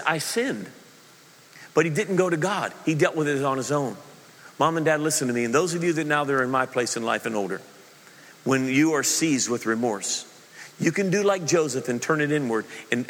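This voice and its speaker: A middle-aged man preaching a sermon as pastor, telling the story lively and acting out the quoted voices himself. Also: fairly high pitch. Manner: animated storytelling, acts out quotes, laughs at own slip. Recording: long hall reverb.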